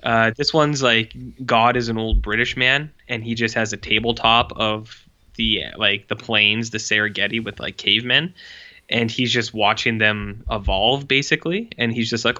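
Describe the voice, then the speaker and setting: A man talks in a rambling, sarcastic, offhand way, full of "like", in casual podcast chat. His voice sounds bright and forceful. The recording is dull and lo-fi. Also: fairly low pitch, fairly even intonation, normal speed. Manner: rambling, sarcastic, heavy use of "like". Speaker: podcast co-host reviewing short films.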